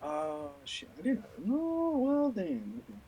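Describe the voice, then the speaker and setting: A man's voice: high-pitched, huge pitch swings, takes it slowly, dark tone, slight background noise, poor audio. A man playing a tabletop game, casual, swearing and thinking aloud over his rolls. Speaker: player.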